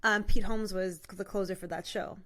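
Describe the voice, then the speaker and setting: A woman's voice: medium pitch, steady tone, sharp tone. A woman comedian chatting as a podcast guest, telling stories with eager enthusiasm. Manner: rapid, enthusiastic storytelling. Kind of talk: casual chat.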